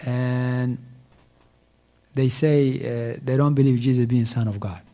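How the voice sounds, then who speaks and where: A man teaching a mosque class on Quran commentary. He recites verses quickly in Arabic, translates them slowly, and repeats words as he searches for them. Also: mid-range voice, steady tone, dark tone.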